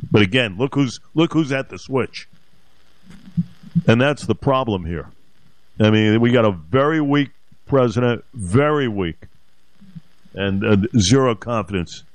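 A man's voice: medium pitch, animated, moderate pace, no echo. A man hosting a talk radio show, speaking emphatically and indignantly, repeating his points.

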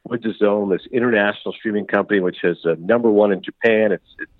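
A middle-aged man from Canada, a sports broadcaster chatting as a guest in an interview, who talks quickly and acts out the dialogue he quotes. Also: fairly low pitch, steady tone, no echo. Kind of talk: casual interview chat. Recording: tinny phone-like line.

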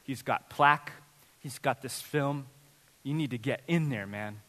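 A man's voice: medium pitch, a little slow, sharp tone, pitched below the performer's own voice. Brief: firm male dentist scolding parents, as a preacher quotes him, with a long hall echo. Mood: stern. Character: stern adult male dentist lecturing parents.

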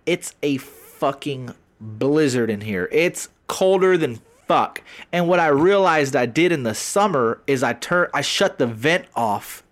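A man co-hosting a casual podcast from his home podcast room, ranting in an animated, profane way. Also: medium pitch, a little slow, few pauses. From Texas. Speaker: podcast co-host.

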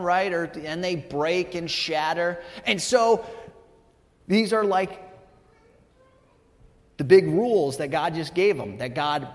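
A man in his thirties, a pastor giving a conversational sermon, telling the story casually and checking in with the congregation with frequent "right?" asides. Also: high voice. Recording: long hall reverb.

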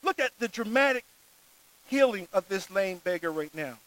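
A man delivers a sermon in an unusually high voice. He reads scripture aloud and preaches earnestly, stressing his key words. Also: lively intonation, normal speed, fairly bright tone, no room sound, rough recording.

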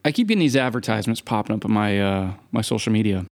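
A man's voice: on the low side, expressive, quick pace, gravelly. A man co-hosting a podcast in casual chat, opinionated and wry, making his points with emphasis. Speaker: podcast co-host.

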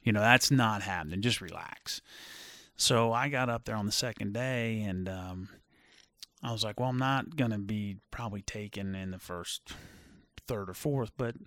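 A middle-aged former football player telling stories in a casual chat, animated and full of fillers. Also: male voice, lowish voice, moderate pace, no echo, studio quality. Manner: animated storyteller with many fillers. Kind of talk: casual storytelling.

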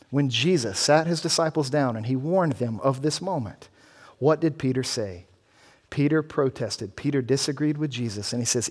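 A pastor delivers a sermon in a voice that sits a little higher than most men's. He preaches earnestly, pressing his points with rising emphasis as he explains the passage.

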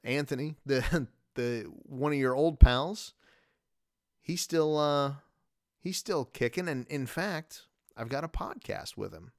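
A man in his thirties rambles through a casual solo podcast episode, often laughing at himself. His voice is smooth and resonant at an ordinary middle pitch. It is recorded dry and close on a podcast mic. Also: slow pace, no room sound. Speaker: podcast host.

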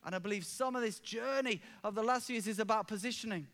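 A middle-aged man preaching a sermon as pastor, telling stories fervently and swinging from hushed, quiet moments to exclamations. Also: high-pitched, fast.

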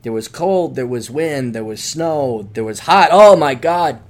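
A man hosting his own podcast, talking in a rambling, animated solo monologue with jokey asides. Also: medium pitch, unhurried. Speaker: podcast host.

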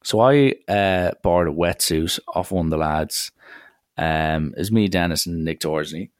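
A man's voice: low-pitched, normal speed, dry recording, clean studio sound. A young man telling a school story in a casual, wry, rambling way. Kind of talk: casual anecdote.

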